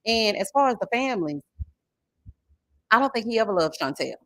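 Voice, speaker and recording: Woman, 40s, livestream host, animated storytelling, dry close sound. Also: medium pitch, brisk, no echo. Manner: animated, expressive storytelling with chat shout-outs. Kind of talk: casual livestream chat and story time.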